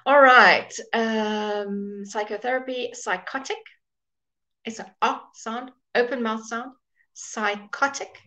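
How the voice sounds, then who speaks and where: A woman teaching English pronunciation in a live online class. She says each example word slowly, repeats it, and greets viewers by name as she goes. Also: a little high, steady tone, pushed and bright. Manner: models words slowly and repeats them.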